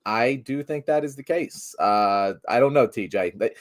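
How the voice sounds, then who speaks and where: Casting: male podcast commentator, mid pitch, animated, profane, sarcastic. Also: normal speed. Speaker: political commentator. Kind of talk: casual political chat.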